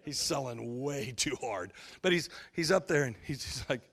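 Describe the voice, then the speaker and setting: A pastor preaching a sermon, telling funny stories bluntly and acting out the voices of the people in them. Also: male voice, medium pitch, animated, moderate pace, hardly any pauses, a bit bright, slightly rough. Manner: humorous storytelling, acting out quoted voices; blunt and folksy.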